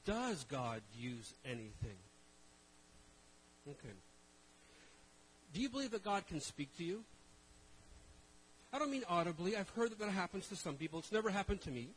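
High-voiced man preaching with wry humor. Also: animated, brisk, pauses often, a little hiss or hum, low-quality recording. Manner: conversational, self-deprecating humor with rhetorical questions. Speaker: traveling minister. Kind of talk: sermon to a live congregation.

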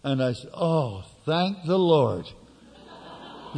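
A man preaching a sermon, telling a personal story with sudden shifts between loud outbursts and hushed asides. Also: fairly high pitch, very animated, takes it slowly, long reverb tail.

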